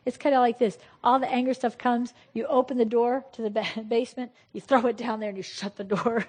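A woman preaching a lively, conversational sermon and laughing often. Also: fairly high pitch, normal speed, breathy edge. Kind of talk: sermon on deliverance.

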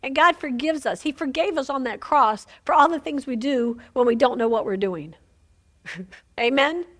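A woman's voice: high-pitched, normal speed, a bit bright. A woman teaching a women's Bible study in an informal sermon, chatty, laughing often and asking "Amen?" of her listeners.

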